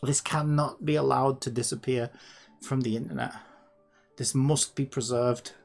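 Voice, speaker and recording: A person hosting a casual coding vlog, thinking aloud in an excitable, rambling way, pleading with the computer and sometimes dropping to a muttered whisper. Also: medium pitch, moderate pace, creaky, faint music behind. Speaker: hobbyist developer and channel host.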